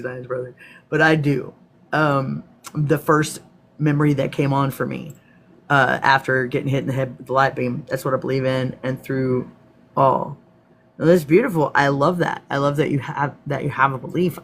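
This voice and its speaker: A man's voice: medium pitch, steady tone, moderate pace, gravelly, fairly bright tone. A man with a Texan accent hosting a live stream, reading from a script and breaking off to answer viewers in a casual, swearing manner. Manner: casual, profane asides to viewers.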